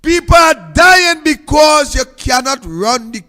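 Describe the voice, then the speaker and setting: A high, bright-voiced man with a Trinidadian accent pleads over and over in a slow, sing-song preaching cadence. His political commentary echoes with a long, hall-like reverb. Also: big pitch swings. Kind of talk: impassioned political plea.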